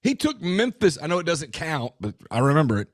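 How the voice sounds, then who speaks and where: A man co-hosting a casual sports talk show, talking in an emphatic way with quick asides and restarts. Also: on the high side, wildly swooping pitch, no echo, studio quality. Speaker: podcast co-host.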